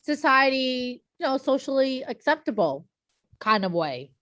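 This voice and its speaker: Woman, podcast co-host, high voice, dry close sound, playful and emphatic. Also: sing-song, a little slow, fairly bright tone, no room sound. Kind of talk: casual fan discussion.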